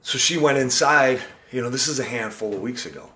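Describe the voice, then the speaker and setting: A man's voice: mid-range voice, brisk, sharp tone. A man hosting a casual live video chat, talking in an earnest, rambling way with frequent restarts. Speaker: live-stream host.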